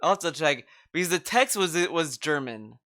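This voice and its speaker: A man's voice: a little high, animated, moderate pace, pushed and bright. A man co-hosting a podcast, chatting casually in a rambling way, full of fillers and restarts. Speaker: podcast co-host. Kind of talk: casual chat.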